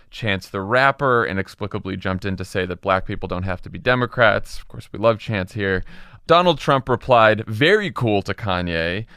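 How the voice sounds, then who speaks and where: Guy cohosting a politics podcast, dry jokey tone, smooth clear voice. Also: fairly low pitch, pushed and bright, no room sound. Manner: sardonic, laughs often. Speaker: co-host. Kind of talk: casual political podcast chat.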